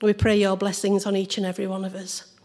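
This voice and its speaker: A hoarse woman leading a church service, opening in prayer and reading scripture aloud. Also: medium pitch, monotone, quick pace, a little mellow. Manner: cheerful, prayerful.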